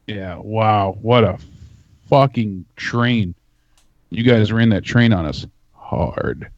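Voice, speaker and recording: A man's voice: on the low side, a little slow, no room sound, lo-fi sound. A man co-hosting a live stream, hyped and laughing, cheering on the chat. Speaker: podcast co-host.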